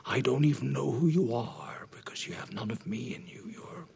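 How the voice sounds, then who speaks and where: An actor playing a bitter, ruthless oil-baron father disowning his son, with cold hissing menace that bursts into shouts. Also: medium pitch, lively intonation, normal speed, vocal fry, husky, heavily acted. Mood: venomous. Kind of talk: amateur film scene re-enactment.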